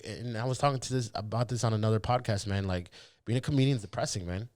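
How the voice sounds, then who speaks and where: Low-voiced, foul-mouthed man telling stories. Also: quick pace, dry recording, clean studio sound. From Miami area, Dominican parents. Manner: loose, vulgar, animated storyteller who acts out voices. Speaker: podcast guest, comedian. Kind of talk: casual podcast chat.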